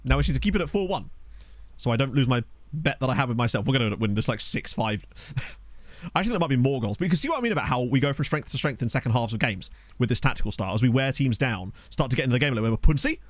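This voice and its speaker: A young man riffs over a football management game, chatting with his viewers as the match goes on. His pitch jumps all over the place when he gets excited. The sound is dry and close, like a desk microphone at home. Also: fast talker, no echo. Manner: chatty, excitable, reads chat aloud. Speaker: gaming streamer. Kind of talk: live gameplay commentary. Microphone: desk USB microphone.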